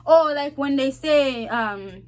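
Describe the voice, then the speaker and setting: A young woman from Zambia with a Zambian accent, casually telling stories to the camera, animated and laughing as she acts out voices. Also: high voice, takes it slowly. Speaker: vlogger.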